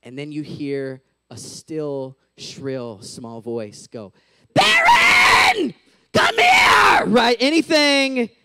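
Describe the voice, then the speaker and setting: A man's voice: mid-range voice, very animated, slow, hardly any pauses, fairly bright tone, shouting. A man in his thirties giving a casual, chatty sermon as a youth pastor, full of "like" and "right?", on a close mic.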